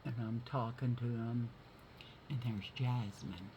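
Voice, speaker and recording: In a noisy, muffled home recording, a beauty vlogger does her makeup on camera with a slow, steady bass voice. She chats warmly with viewers, telling rambling stories from her day in a homey, friendly tutorial.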